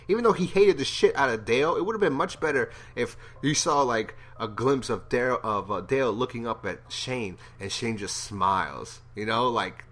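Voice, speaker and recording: A man's voice: mid-range voice, fairly bright tone. A man giving a casual, rambling TV episode review, blunt and profane in his opinions. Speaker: TV show reviewer.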